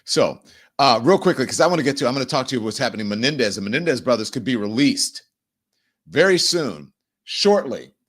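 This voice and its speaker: A man's voice: medium pitch, big pitch swings, fairly bright tone, husky. A man hosting a talk show, thanking a guest and moving on to the next story. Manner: conversational, then brisk read of an ad. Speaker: host.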